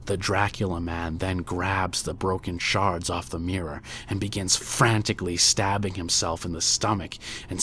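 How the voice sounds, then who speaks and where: A man reading a scripted creepypasta horror story in a hushed voice that often drops to a near whisper. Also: sits low, steady tone, a little slow, hardly any pauses, a little hiss or hum. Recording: faint music bed under voice.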